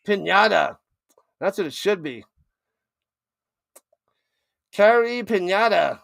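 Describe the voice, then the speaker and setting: A man with a high, bright voice calling football plays live on his stream, loose and playful, tripping over the names as he goes. The sound is close and dry, with no room around it. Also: slow pace, gravelly, long pauses, no echo. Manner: animated, joking, stumbles over names. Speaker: play-by-play streamer. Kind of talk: live play-by-play commentary and banter.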